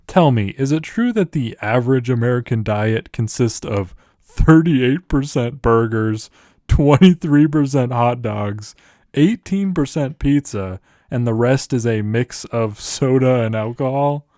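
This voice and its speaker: Pompous old statesman, a man doing the voice, formal, condescending, mid-pitched, dry sound. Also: lively intonation, measured pace, dark tone, no room sound, lightly acted. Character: pompous elderly British statesman, stuffy.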